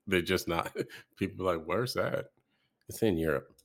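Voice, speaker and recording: Host, male, lowish voice, amused and incredulous reaction commentary. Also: measured pace. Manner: laughs often, amused and incredulous. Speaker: podcast host reacting to clips. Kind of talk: casual commentary.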